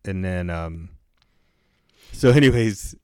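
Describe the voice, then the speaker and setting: A man's voice: sits low, animated, slow pace, mellow, clear, resonant tone, dry recording, clean studio sound. A man telling a story in a laid-back, rambling podcast chat, swearing freely. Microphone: headphones and studio mic.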